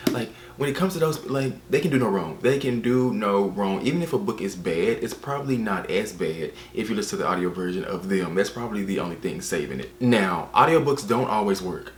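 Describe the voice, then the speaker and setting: Casual male book vlogger, low voice, exasperated and repetitive, echoey room. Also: slight background noise. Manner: animated, exasperated, repeats phrases. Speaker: book reviewer. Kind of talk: casual vlog chat.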